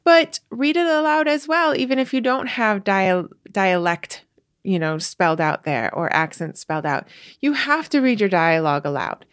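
A woman's voice: medium pitch, sing-song, moderate pace, dry recording, studio quality. A woman hosting a podcast, giving writing advice in a chatty, casual way with many fillers, restarts and light laughs. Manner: laughs lightly while explaining. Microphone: podcast mic.

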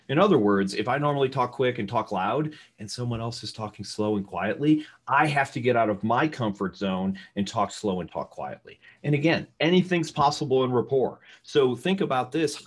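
A middle-aged man with a loud voice, teaching real estate sales to a live audience in an energetic, conversational way and asking the room questions. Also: medium pitch. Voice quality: loud talker.

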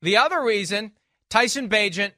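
A man with a high, bright voice runs through football picks with wry, emphatic humor. He talks casually and punches his verdicts, and the dry close sound leaves no room echo. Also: expressive, moderate pace. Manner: wry, emphatic, playful trash talk. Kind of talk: casual sports picks chat.

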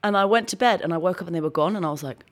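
A woman, a guest on an interview show, telling a long story quickly and with energy. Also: lowish voice. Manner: fast, animated storytelling with laughs. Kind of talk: casual interview chat.

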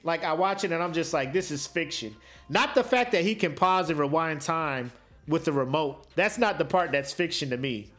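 A man co-hosting a podcast in casual banter, slangy and animated, laughing often. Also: on the high side, normal speed. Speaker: podcast co-host.

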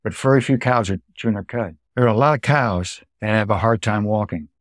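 A middle-aged American man and dairy farmer, telling farm stories in a lively way, acting out what people said and making sound effects. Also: fairly low pitch, fairly quick, dry recording, studio quality. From United States. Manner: animated storyteller, acts out quotes and sound effects. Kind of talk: anecdotal storytelling.

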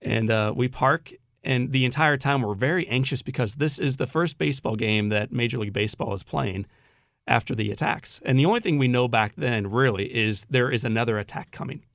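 A man's voice: mid-range voice, fairly quick, fairly bright tone, no echo, studio quality. A man conducting a conversational interview, chatty and teasing as he tells a story.

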